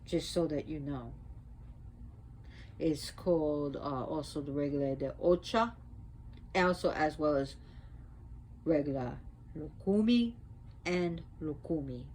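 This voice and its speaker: A woman casually teaching religious lore, retelling a myth in an animated, conversational way. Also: deep voice, takes it slowly, long pauses, a little hiss or hum, poor audio. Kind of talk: casual storytelling lesson.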